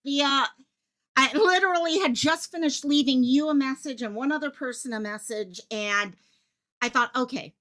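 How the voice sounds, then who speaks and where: A woman runs a live stream from her home office, her voice bright and sitting a little high. She talks in an excited, breathless rush, leaving thoughts half finished as she jumps to the next one and greets viewers by name. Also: moderate pace. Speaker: livestream host covering a missing-child case. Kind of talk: live-stream commentary, reading chat.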